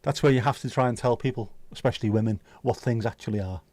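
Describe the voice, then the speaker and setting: A man's voice: medium pitch, fast talker, a little mellow, no echo. A man hosting a livestream, chatting casually with viewers and teasing them. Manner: joking, teasing, chatty banter. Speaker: livestream host.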